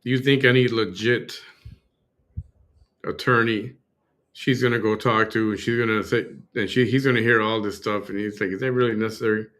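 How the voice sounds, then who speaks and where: Male host, low voice, sarcastic commentary tone. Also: fairly even intonation, normal speed, a bit bright. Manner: mocking, sarcastic. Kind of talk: livestream commentary.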